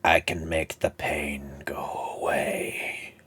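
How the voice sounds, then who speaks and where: A man voicing a sinister male tempter spirit in a tabletop game, speaking slowly in a hushed, menacing way. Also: a bass voice, flat delivery, husky, in a whisper, heavily acted.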